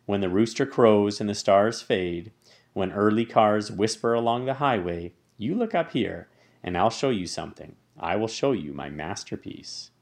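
A man doing a calm, wise female spider. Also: lowish voice, moderate pace. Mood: gentle. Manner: calm and soothing.

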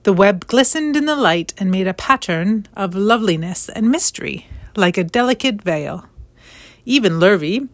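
A woman reading a children's novel aloud in a gentle, measured storytelling manner. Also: mid-range voice, expressive, no echo. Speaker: storybook reader.

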